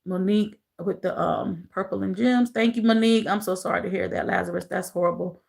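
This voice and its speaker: A woman hosting a casual livestream, talking with viewers in an emotional, soft way, repeating phrases and calling them y'all. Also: mid-range voice, brisk, vocal fry. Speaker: livestream host.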